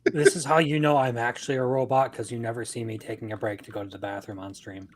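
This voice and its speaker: A man banters on a live stream, needling the host in a playful, mocking way. His voice sits at an ordinary middle pitch, and he sounds like a regular guy joking with friends. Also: fairly even intonation, fast. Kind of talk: casual banter.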